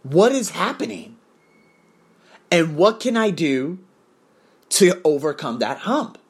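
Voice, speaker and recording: A man's voice: on the high side, very animated, slow pace, slightly rough. A man telling a blunt, profane personal story in a confessional monologue.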